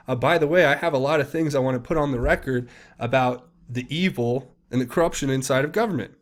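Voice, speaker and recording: Casting: man, solo commentary host, rambling and emphatic, mid pitch. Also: fast talker. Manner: casual, rambling, emphatic, with frequent fillers and restarts. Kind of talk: solo commentary reading posts aloud.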